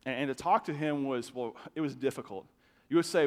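A man preaching a sermon to his congregation, talking in a loose, conversational way with quick restarts. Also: mid-range voice. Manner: conversational, animated, with stammered restarts. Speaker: pastor. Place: church sanctuary. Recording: long hall reverb.

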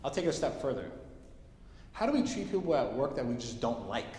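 A man preaching a casual sermon, telling stories with lively quoted voices. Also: medium pitch, a little fast, a little hiss or hum. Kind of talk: sermon with storytelling. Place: church hall. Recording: echoey hall, heard from a distance.

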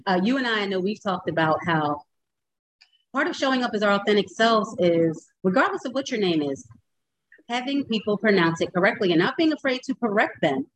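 A woman's voice: medium pitch, fairly quick, low-quality recording. Chatty woman podcast host. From United States. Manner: chatty, laughs often, animated. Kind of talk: casual interview chat.

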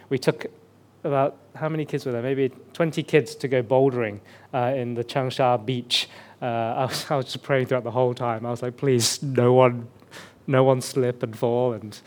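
A man's voice: medium pitch, darkish tone. A man from England with a lightly suppressed Birmingham accent, giving a chatty, self-deprecating sermon as a guest pastor on a headset mic. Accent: Birmingham, mostly suppressed. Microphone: headset mic slipping off.

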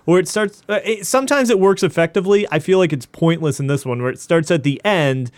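A man's voice: fairly high pitch, brisk, no room sound. A man hosting a casual movie podcast, leading the talk and laughing often. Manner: laughs often, leads the rundown. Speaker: podcast host.

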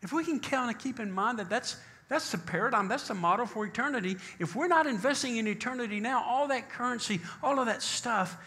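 Emphatic man preacher with a bright, forward voice, slows for scripture. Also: very high-pitched, animated. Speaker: pastor. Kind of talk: sermon.

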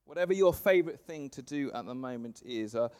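A man, preaching a sermon to a congregation, punching words loudly then letting phrase ends fall soft. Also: mid-range voice, a little fast. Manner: lively, swings from loud emphasis to soft trailing phrase ends. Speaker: pastor. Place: church service before a congregation.

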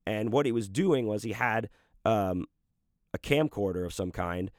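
A man with a fairly low voice tells a personal story in a loose, rambling way. He swears freely and fills his sentences with "like" and "you know". The recording is dry and close, with no room sound. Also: expressive, a little slow, darkish tone, no room sound. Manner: profane, rambling, full of fillers. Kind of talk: casual anecdote telling.

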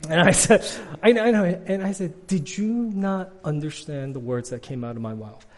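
A middle-aged man giving a casual, conversational sermon with lots of fillers, loudly acting out the people in his stories. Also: fairly high pitch, moderate pace, in a large hall. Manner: casual, chatty, frequent fillers, acts out quotes loudly. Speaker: guest preacher.

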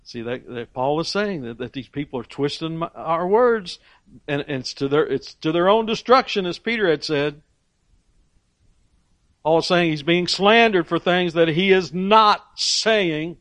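A man preaching a sermon, emphatic, swinging between loud and quiet, often restarting his phrases. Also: fairly high pitch, animated, measured pace, no room sound.

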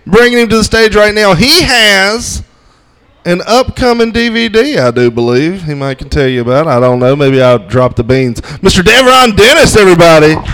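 Upbeat comedy emcee, smooth clear voice. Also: male voice, high-pitched, expressive, normal speed, a bit bright. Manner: hyping, plugging socials, introducing comics. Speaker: open mic host. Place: comedy club open mic.

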